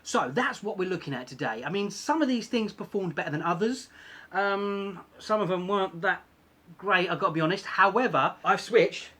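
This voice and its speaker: A man talks through his points in a relaxed, self-deprecating way and often repeats himself for emphasis. His voice is husky and a little breathy. His pitch moves up and down in a lively way. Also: normal speed. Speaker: vlogger. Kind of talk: casual explanatory vlog.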